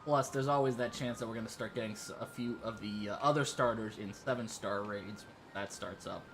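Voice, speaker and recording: A man's voice: on the low side, fairly quick, background noise. A tired man streaming a game, rambling with lots of fillers and restarts, drifting into a put-on British-sounding accent. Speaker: livestreaming gamer. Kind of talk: casual gameplay commentary.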